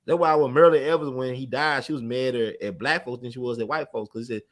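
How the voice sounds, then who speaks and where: A man talks as an interview guest, racing through history and stories. His pitch sits in a middle range, and the words tumble out fast and animated. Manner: rapid, animated storytelling, admits talking fast. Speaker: interview guest, community organizer. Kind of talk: casual conversational interview.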